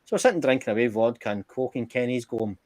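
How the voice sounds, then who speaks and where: Man, casual live-stream chat, swears a lot, animated storyteller, dry sound. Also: medium pitch, fast talker, no room sound. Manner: swears freely, tells anecdotes with acted quotes. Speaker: guest.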